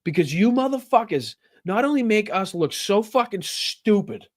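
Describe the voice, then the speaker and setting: A man's voice: high-pitched, sing-song, normal speed, no echo, clean studio sound. A man hosting a political livestream, ranting angrily and swearing constantly, with stammering restarts. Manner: angry, profane, heated ranting. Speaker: political commentary host.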